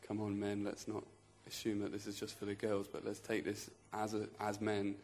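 A man's voice: on the low side, completely flat delivery, moderate pace, darkish tone. A man speaking earnestly in a church group, plain-spoken with frequent restarts. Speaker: church member sharing a testimony. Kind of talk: spontaneous testimony in a group.

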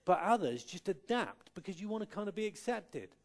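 A man preaching a sermon in a slightly higher-than-usual voice. He talks earnestly, stumbles and restarts, and breaks into light humorous asides. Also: sing-song, brisk. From Cornwall, England.

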